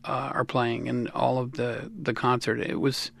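Gravelly American man in his sixties. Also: medium pitch, measured pace, no echo. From United States. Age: 60s. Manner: rambling, animated, laughs often. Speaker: musician guest. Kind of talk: casual interview talk.

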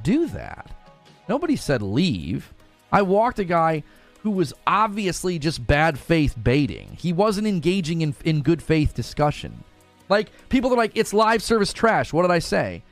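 Animated, argumentative male game streamer. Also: fairly high pitch. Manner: animated, argumentative, repeats words while rushing ahead. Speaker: gaming streamer reading chat. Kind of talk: casual livestream chat.

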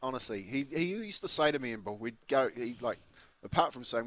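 A New Zealand man in his fifties co-hosting breakfast radio, talking loosely and circling back on himself. His voice sits at a middling pitch. He sounds relaxed, casual and chatty. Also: a little fast, slight background noise. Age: 50s. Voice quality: rambling storyteller, restarts and laughs. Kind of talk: casual chat.

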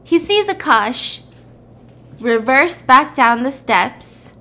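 A woman's voice: high-pitched, slow. A woman hosting, animatedly retelling a movie plot in casual chat. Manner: animated storytelling. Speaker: podcast host.

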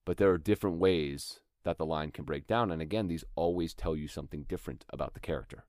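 Male host, young adult, earnest teacher, very deep voice, dead dry recording. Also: quick pace, darkish tone, no room sound. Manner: earnest, explains with rhythmic examples. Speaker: acting teacher and podcast host. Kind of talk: instructional talk.

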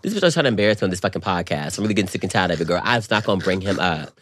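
A young man co-hosting a podcast, telling a story in an animated, slangy, swearing way. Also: low-pitched, very fast. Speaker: podcast co-host. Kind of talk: casual chat.

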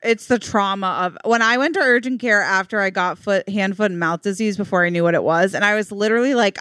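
A woman co-hosting a chatty podcast, telling her stories with a lot of life and jumping into a high squeal when she quotes herself. Her voice sits in an ordinary middle pitch. The sound is dry and close, with no room around it. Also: fast talker, hardly any pauses, clear, resonant tone, dry recording. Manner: animated storyteller, acts out quotes in a high squeal. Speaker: podcast co-host. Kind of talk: casual chat.

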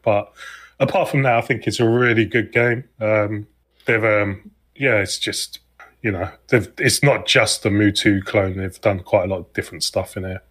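This is a man talking casually on a gaming podcast. He speaks in an easygoing, halting way, with frequent ums. His voice sits slightly low. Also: bright, forceful tone. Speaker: podcast co-host.

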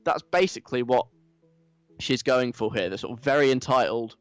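A man's voice: mid-range voice, normal speed, clear, resonant tone, dry recording. A man giving a sarcastic, conversational commentary in a dry, mocking manner. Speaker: commentary host.

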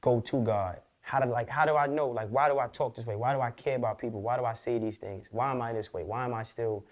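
A man speaking as a podcast guest, his words rushing out in quick, loose street slang laced with swearing. His pitch sits in an ordinary middle range. He tells his story candidly and unguarded. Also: steady tone, highs cut off. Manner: fast, slangy, profane street talk.

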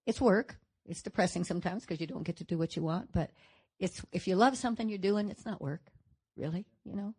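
An older woman from Nevada, a guest answering audience questions on a stage, telling stories in a chatty, animated way. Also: fairly low pitch, fairly quick, slightly rough. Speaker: panel guest actress. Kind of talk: audience Q&A chat.

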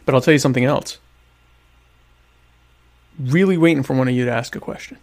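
Gravelly, sarcastic man hosting a livestream. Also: medium pitch, fairly quick. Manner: sarcastic, self-mocking, rambling asides. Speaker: livestream show host. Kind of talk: casual rambling livestream chat.

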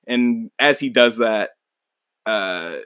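A man's voice: mid-range voice, takes it slowly, a bit bright, clean tone, no room sound. A man hosting a podcast, casually recapping a manga in a rambling, laid-back way, swearing and laughing along. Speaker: podcast host.

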